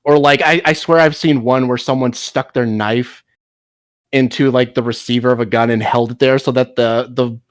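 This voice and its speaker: A man's voice: medium pitch, steady tone, normal speed, no room sound, clean studio sound. A man in casual chat as a podcast co-host, laughing often and trailing off into repeated words.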